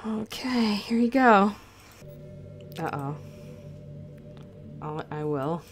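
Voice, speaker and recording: Young woman, game commentary, lively swooping voice, slow drawn-out talk, faint music behind. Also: medium pitch. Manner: jumpy, nervous, laughs often. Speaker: let's play host. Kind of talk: game commentary while playing.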